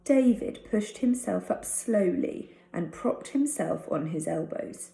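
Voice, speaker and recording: A woman's voice: mid-range voice, animated, slow pace, gravelly, mellow. A woman teacher reading a chapter of a storybook aloud to her class. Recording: roomy echo.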